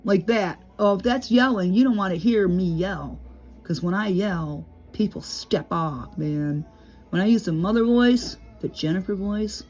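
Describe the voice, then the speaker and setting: A middle-aged woman talking casually to camera from home, rambling and chatty, laughing often and sometimes dropping low and quiet. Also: slightly rough. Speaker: vlogger.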